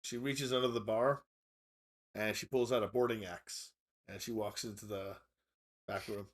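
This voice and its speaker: A man running a tabletop role-playing game as game master, calling for dice rolls and describing scenes in a measured way. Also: fairly low pitch, steady tone.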